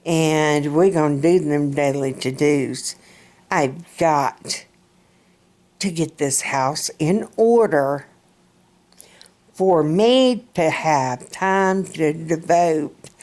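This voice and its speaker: A woman's voice: low-pitched, darkish tone. A middle-aged woman from central Alabama with a Southern accent, rambling folksily in a casual vlog chat and laughing often. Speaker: vlogger.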